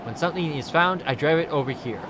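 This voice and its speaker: A man's voice: fairly high pitch, fast, noisy background, close to an everyday voice. A man voicing a chipper, scatterbrained woman tourist officer who rambles in an overly formal way. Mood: flustered. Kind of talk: reading game dialogue aloud.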